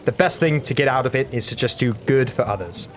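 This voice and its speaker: A man's voice: medium pitch, fast, slight background noise, lightly acted. A man playing a ramrod-straight warrior in a tabletop game, devoted to justice. He speaks in blunt, stiff statements and lectures others about doing good. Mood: stern.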